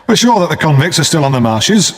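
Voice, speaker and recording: A brisk army sergeant who gives orders crisply, as a man reading a story puts him on. His voice rises and falls in a lively way. A long reverb trails behind every line. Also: on the high side, voice pushed up. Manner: brisk, commanding.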